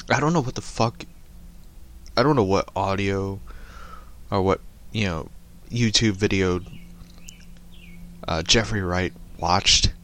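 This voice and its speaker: A man's voice: low-pitched, a bit bright. A young man giving a rambling, profane opinion rant and chuckling between remarks. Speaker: online commentator.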